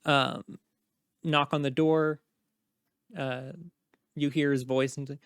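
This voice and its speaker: Relaxed man narrating as game master. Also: medium pitch, slow pace, clean tone, dry recording, studio quality. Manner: relaxed, with fillers.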